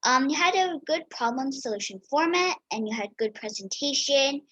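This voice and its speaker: A woman's voice: high-pitched, animated, moderate pace, a bit bright, dry recording, low-quality recording. A woman judging a speech tournament, handing out friendly praise with many ums over a video call. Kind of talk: casual spoken feedback.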